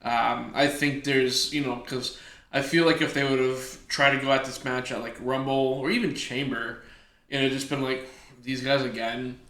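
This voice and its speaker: A man co-hosting a podcast, chatting about wrestling as an eager fan, halting with many fillers. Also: medium pitch, flat delivery, pushed and bright, roomy sound. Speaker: podcast co-host. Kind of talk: casual wrestling chat.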